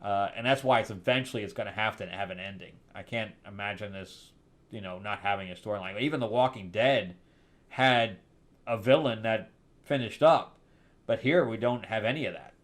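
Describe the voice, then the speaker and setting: A man's voice: on the low side, normal speed. Rambling, sarcastic male comic reviewer. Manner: rambling, sarcastic, laughs often. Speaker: comic book reviewer, host. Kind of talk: casual review chat.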